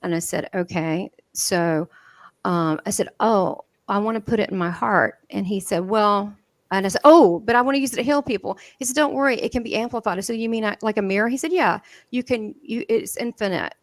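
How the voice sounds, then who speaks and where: A woman with a Southern American drawl tells her stories in a lively, animated way, laughing often and acting out the dialogue. Her voice sits at a middling pitch, and the recording is dry and close with almost no room sound. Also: normal speed, no echo. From southern United States. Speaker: guest medium. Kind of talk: animated storytelling in an interview.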